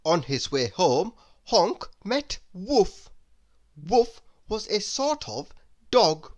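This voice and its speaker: A woman reading a children's bedtime story aloud, expressive and playful with asides to the listener. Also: medium pitch, extremely slow.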